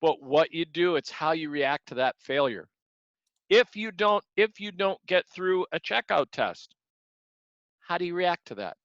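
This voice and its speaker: In an earnest, motivational class talk, a martial arts instructor repeats words while demonstrating examples. He speaks at a measured pace in an expressive, somewhat high, slightly bright voice with no echo, captured in dull lo-fi sound.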